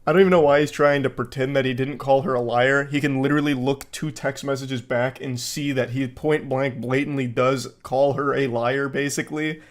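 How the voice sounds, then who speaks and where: A man's voice: mid-range voice, steady tone, normal speed, few pauses. A man reading text messages aloud and mocking them in dry, sarcastic comedy commentary, swearing freely. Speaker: commentary host.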